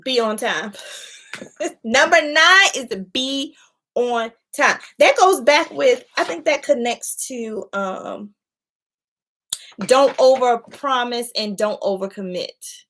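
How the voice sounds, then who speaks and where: A woman success coach giving a casual live-stream talk, chatty and animated, calling her viewers y'all and laughing often. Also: fairly high pitch, slow.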